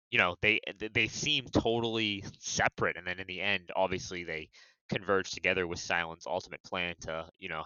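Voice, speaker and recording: A man's voice: sits low, pushed and bright, clear, resonant tone, no room sound. A man talking as a podcast guest in casual chat, eager, with lots of "you know" fillers. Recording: dull, dry lo-fi audio.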